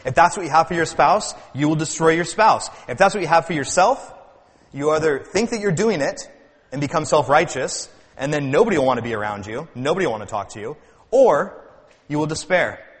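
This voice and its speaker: A man's voice: fairly high pitch, animated, a little fast, big-room sound. A man preaching a sermon as pastor, earnest, with rising and falling emphasis and frequent repeated words.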